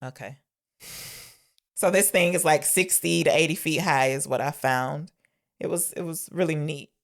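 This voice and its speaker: Low-voiced woman recapping a film. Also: moderate pace. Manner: retells scenes, acting out lines. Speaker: podcast co-host. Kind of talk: casual movie review chat.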